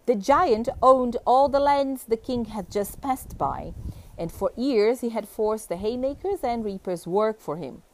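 A woman reading a fairy tale aloud with expressive, animated storybook delivery. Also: a little high, a little slow, a little hiss or hum.

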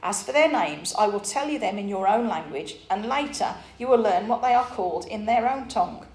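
Woman doing a soft-spoken kind shepherd guy, lowish and calm, echoey. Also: a little fast, close to an everyday voice. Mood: gentle. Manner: quiet, soft, tender. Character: gentle, patient male shepherd guide. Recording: roomy echo.

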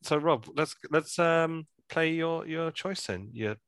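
A podcast host with a fairly high, smooth voice chats casually and slowly, laughing easily and teasing his guest with playful questions. He sounds relaxed, and the recording is dry.

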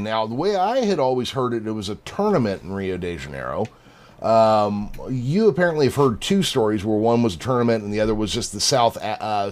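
A man hosting a podcast, telling anecdotes in casual chat, animated and swearing freely. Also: lowish voice. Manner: animated, swearing, laughs at his own story. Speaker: podcast host.

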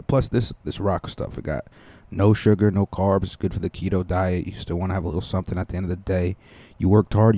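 Deep-voiced crude podcast comedian. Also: male voice, mellow. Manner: crude, rambling, many fillers and restarts. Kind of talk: casual comedic monologue.

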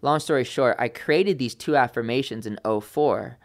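A young man in his twenties, a podcast guest, telling a story in a lively way and acting out the people he quotes. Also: medium pitch, moderate pace. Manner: animated, acts out quoted voices. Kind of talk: casual storytelling.

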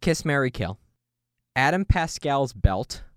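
A man's voice: medium pitch, slow pace, smooth, no room sound, clean studio sound. A man co-hosting a casual chat, teasing and playful as he poses a would-you-rather game. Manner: playful and teasing, lively intonation. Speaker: podcast co-host.

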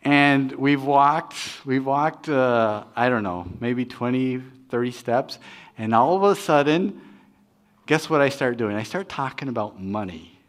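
A man's voice: mid-range voice, expressive, unhurried. A middle-aged man preaching as pastor, talking in a conversational, self-deprecating way with frequent restarts. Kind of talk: sermon with personal stories.

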